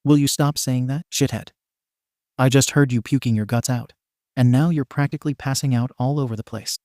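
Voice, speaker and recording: A man's voice: mid-range voice, steady tone, fairly quick, dark tone, no room sound, clean studio sound, lightly acted. A man voicing a hot-tempered, foul-mouthed teenage boy who snaps exasperated insults. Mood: irritated.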